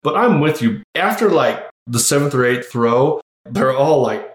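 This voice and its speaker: A man co-hosting a podcast in casual, unscripted chat, playful with quick asides and animated emphasis. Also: mid-range voice, echoey room. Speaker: podcast co-host.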